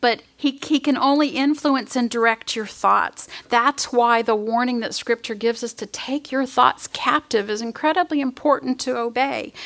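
A woman's voice: high voice, fairly bright tone. A woman giving a sermon, earnest and emotional, at times dropping to a near whisper and tearful. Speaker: pastor's wife preaching.

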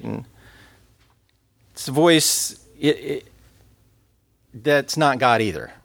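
A man's voice: medium pitch, extremely slow, creaky, long pauses, fairly bright tone, dry recording. Male preacher, conversational sermon delivery, medium voice, dead-dry room. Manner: earnest, conversational preaching with scripture quotes.

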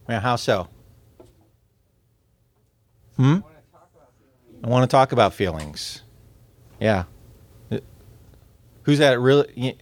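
A man lectures a class on communication in an average-pitched voice. He is lively and laughs often, and he keeps asking his listeners questions. His words often stumble and repeat, and the sound is dry and close with no room echo. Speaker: instructor.

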